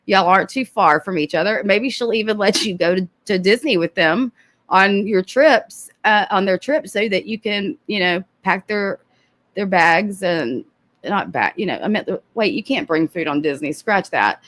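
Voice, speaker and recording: A woman's voice: mid-range voice, animated, normal speed, fairly bright tone. A woman hosting commentary on a live stream, sarcastic and often laughing, with casual swearing.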